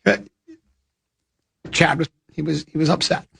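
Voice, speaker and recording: Gravelly older man rambling on radio. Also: a little high, steady tone, unhurried, fairly bright tone. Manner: rambling, with many restarts and self-amused asides. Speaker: radio show host. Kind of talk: casual radio chat and storytelling.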